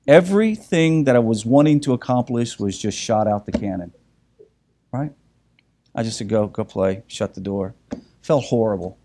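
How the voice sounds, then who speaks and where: A middle-aged man teaching a group, telling a personal family story with animated retellings and many restarts. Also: mid-range voice, normal speed, long pauses. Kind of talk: storytelling talk.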